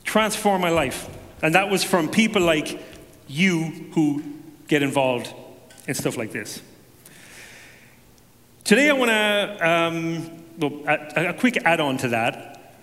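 A man giving a personal testimony to a congregation, telling it as an animated story with self-deprecating humor. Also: a little high, slow pace, long pauses, long reverb tail.

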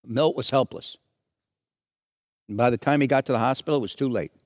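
A man preaching a sermon, telling a story dramatically and swinging from soft, low passages to loud, raised ones. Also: a little fast, no room sound, studio quality. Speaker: pastor.

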